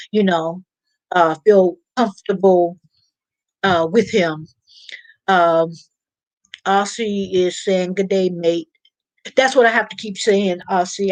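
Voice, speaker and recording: A woman with a mid-range voice hosts a casual live stream, reading viewer comments aloud and chatting in a rambling way, laughing often. The recording is rough but has no echo.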